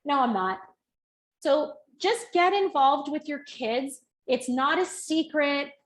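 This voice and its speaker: A woman in her thirties giving a chatty, animated fitness coaching talk and acting out little quoted voices. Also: high-pitched, takes it slowly. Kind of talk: casual coaching talk to camera. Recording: echoey room.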